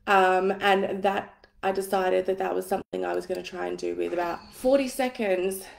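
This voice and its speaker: Woman, husky and tired, chatty livestream coach, swears freely, mid pitch, roomy echo. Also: a little mellow. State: tired and a bit husky from an early start. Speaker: coach hosting a live masterclass. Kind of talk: casual livestream teaching. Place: at home. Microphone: phone on a tripod.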